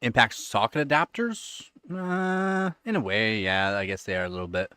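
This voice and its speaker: A man hosting a casual live stream, answering chat questions and cooing at his pet in a high sing-song voice between relaxed remarks. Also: normal speed, smooth, no echo, clean studio sound. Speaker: livestream host. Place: home computer setup.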